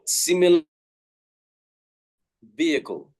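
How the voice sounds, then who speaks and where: An Australian man giving a webinar talk on accents, thoughtful, with many pauses and restarts, heard over a video call. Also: fairly high pitch, big pitch swings, a little mellow, rough recording. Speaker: webinar guest speaker. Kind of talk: informal talk with audience questions.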